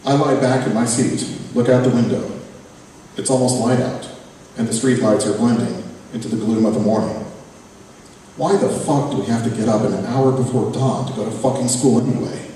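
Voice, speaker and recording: A man reads his own fiction aloud in a sardonic, profane first-person voice with a dark, mellow tone. He is caught from a distance in a big echoey hall, with a faint murmur of room ambience behind him. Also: mid-range voice, normal speed, slight background noise. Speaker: author reading his fiction. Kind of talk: live fiction reading. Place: reading event venue, hall.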